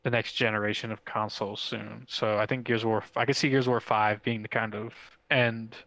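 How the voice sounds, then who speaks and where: A young man co-hosting a casual gaming podcast, telling stories excitedly with lots of fillers. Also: lowish voice, gravelly, no room sound, rough recording. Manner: excitable, fast storytelling with swearing and many fillers. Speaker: podcast co-host.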